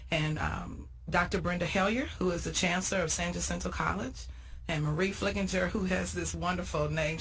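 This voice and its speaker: A woman's voice: fairly low pitch, fairly bright tone, rough recording. A woman from the area, a guest on a talk show, talking enthusiastically about an event she organizes. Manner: enthusiastic, promotional, laughs easily. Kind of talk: casual interview chat.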